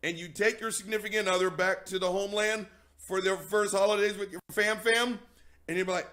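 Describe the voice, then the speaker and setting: A male show host delivering a heated, profane, mocking commentary rant, sometimes shouting. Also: sits high, fairly even intonation, a little fast.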